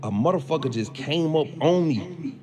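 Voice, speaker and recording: A man's voice: fairly high pitch, normal speed, over music. A man casually telling a story in heavy slang and profanity, acting out what he and others said. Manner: profane, slangy, animated retelling with acted-out quotes.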